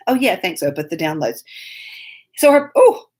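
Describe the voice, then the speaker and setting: A woman's voice: on the low side, very animated, slow, darkish tone. A woman hosting a live online show from a phone on a tripod. She rambles through a story in casual chat, laughing often and breaking off to greet viewers by name. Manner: laughs often while telling stories.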